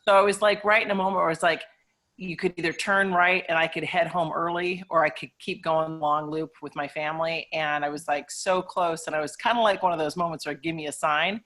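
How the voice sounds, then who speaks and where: A woman participant telling a personal story in a lively way, acting out the people in it. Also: on the low side, a little fast. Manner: lively storytelling, acts out voices. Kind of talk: personal story in a group chat.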